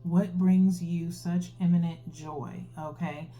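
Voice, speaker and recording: Low mellow-voiced woman doing a chatty tarot reading, keeps saying okay?, soft music underneath. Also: steady tone, slow pace, dull audio. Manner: chatty, ends phrases with a questioning "okay?". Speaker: tarot reader. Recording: faint instrumental music behind.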